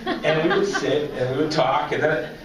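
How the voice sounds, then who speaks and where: A man in his forties giving a humorous personal story speech at a banquet, as an animated, joking storyteller. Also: fairly high pitch, moderate pace, crowd noise. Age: 40s. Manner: joking, animated storyteller drawing audience laughs. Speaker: banquet speaker. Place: large banquet hall with audience. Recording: echoey hall, distant mic, faint noise.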